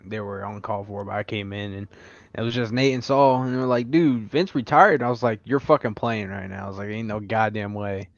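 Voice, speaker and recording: A man's voice: fairly low pitch, fairly even intonation, a little fast, dry recording, muffled recording. A man co-hosting a podcast, laid-back and swearing freely in casual chat. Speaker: podcast co-host.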